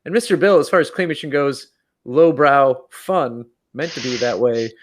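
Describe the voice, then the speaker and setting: A man's voice: medium pitch, normal speed. A man co-hosting a casual podcast, rambling with lots of "like" and restarts. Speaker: podcast co-host. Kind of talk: casual chat.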